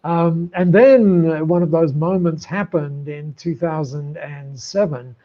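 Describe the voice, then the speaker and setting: An older man from Australia, a podcast guest telling his story in an animated way, often repeating words as he builds up to a point. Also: a little high, measured pace, highs cut off. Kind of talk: storytelling in an interview. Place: room lined with books.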